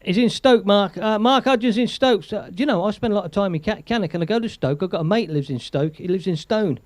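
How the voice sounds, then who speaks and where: Chatty and rambling, an English man hosts a casual stream, laughing and reading comments from viewers. He talks at a quick pace in a voice that sits high, with no echo.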